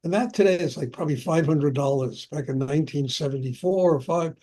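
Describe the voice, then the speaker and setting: A man's voice: on the high side, a little fast, dark tone. An older man, a spiritual teacher, telling personal stories in a chatty way and laughing often during a question-and-answer talk. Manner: chatty, anecdotal, laughs often, frequent "you know".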